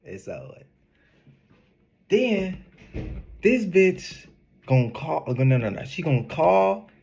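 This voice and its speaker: A young man telling a casual storytime in an animated, slangy way, laughing often. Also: fairly high pitch, slow pace, vocal fry, slight background noise. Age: young adult. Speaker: vlogger.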